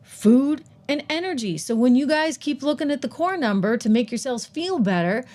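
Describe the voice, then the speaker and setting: A middle-aged woman hosting a live-streamed opinion show, talking in an emphatic, animated way with quick asides and rhetorical questions. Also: high-pitched. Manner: laughs at herself while typing on air. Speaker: host of a live political and investing show.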